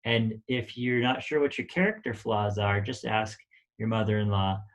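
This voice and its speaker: A man's voice: lowish voice, normal speed, highs cut off. A man teaching about relationships in a casual, conversational way, with many fillers and short acted-out example lines. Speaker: relationship coach.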